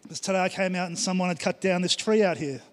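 A man's voice: high-pitched, fast talker. A middle-aged man preaching a sermon with emphatic, repeated phrases in a church. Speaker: pastor. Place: church hall. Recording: long hall reverb.

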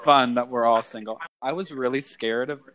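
Animated young man telling funny stories. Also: mid-range voice, normal speed. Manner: animated, joking storyteller. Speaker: podcast co-host. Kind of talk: casual chat.

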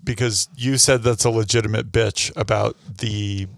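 A man's voice: on the low side, fairly even intonation, moderate pace, gravelly, no room sound, studio quality. A man co-hosting a podcast in casual chat, talking in a candid, rambling way. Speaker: podcast co-host.

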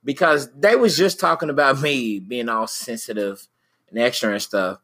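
Bright-voiced joking man hosting. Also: medium pitch, moderate pace, slightly rough. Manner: joking, laughing, Southern US slang. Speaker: podcast host. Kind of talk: casual family chat.

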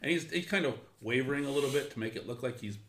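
A man's voice: mid-range voice, fast talker, a bit bright, roomy sound. A man playing a tabletop game, describing what his character does, with frequent restarts. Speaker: player. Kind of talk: tabletop role-play.

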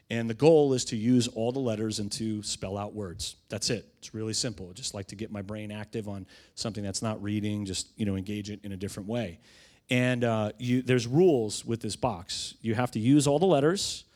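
A middle-aged pastor preaching a sermon, telling stories conversationally and swelling into emphatic proclamation. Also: male voice, mid-range voice.

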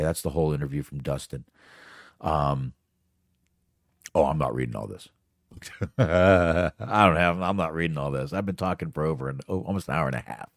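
A man's voice: deep voice, a little mellow, no echo, clean studio sound. A man hosting a solo podcast, talking off the cuff in a rambling, profane, casual way. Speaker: podcast host.

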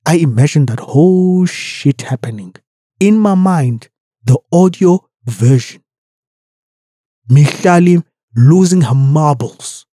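Brash, husky woman. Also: low-pitched, slow pace, no room sound, studio quality. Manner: brash, profane, animated storytelling. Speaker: podcast host. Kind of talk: comedic commentary.

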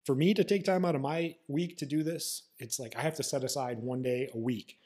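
A man's voice: mid-range voice, fairly even intonation, brisk, a little mellow. A man hosting a podcast, a manual therapist talking in a blunt, profane and sarcastic way.

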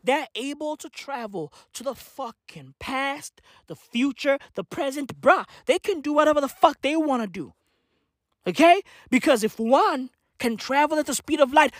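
A woman ranting in a frantic, profane comic monologue that breaks into shouts at times. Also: high-pitched, expressive, normal speed, no echo, studio quality. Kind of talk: comic rant.

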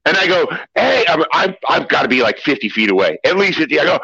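An excitable male podcast co-host telling a story in casual chat. His voice is bright and husky, with lively pitch, and the recording sounds dull and lo-fi. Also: fast talker, hardly any pauses, no echo.

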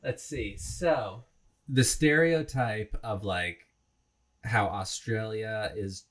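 A man's voice: on the low side, slow pace, a bit bright. A man co-hosting a podcast, asking curious questions in casual chat. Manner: curious, asks lots of questions, hesitant restarts. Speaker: podcast co-host.

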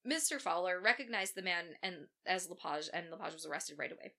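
Female podcast co-host, casual true-crime storyteller, profane and sarcastic, bright forceful voice. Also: on the low side, expressive, a little fast, gravelly. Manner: profane, sarcastic asides while recounting facts.

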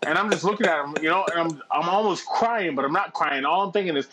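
A middle-aged man telling a long anecdote in casual chat, profane and animated, laughing as he goes. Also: a little high, fast talker, hardly any pauses, noisy background.

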